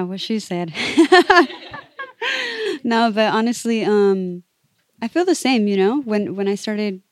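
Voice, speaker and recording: Mellow-voiced woman DJ, relaxed and rambling. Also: mid-range voice, no room sound, studio quality. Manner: relaxed and rambling, full of "you know" and "like". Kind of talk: candid interview talk.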